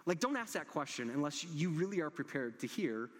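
A man preaching a conversational sermon as a pastor, telling stories with relaxed, gentle humor. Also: fairly high pitch, brisk. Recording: long hall reverb.

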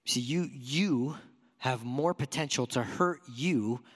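A man's voice: mid-range voice, takes it slowly, big-room sound. A man preaching a sermon to a church congregation in an earnest, conversational way, asking his listeners many rhetorical questions. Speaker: pastor.

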